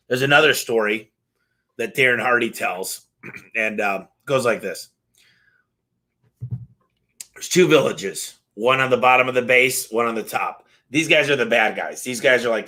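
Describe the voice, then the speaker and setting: A fired-up man on a live stream, telling stories in an animated, casual way. His voice is bright and forceful and pushes hard through each point. He swears casually and slides straight from one anecdote into the next. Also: mid-range voice. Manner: energetic, passionate, swears casually. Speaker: business owner hosting a live Q&A.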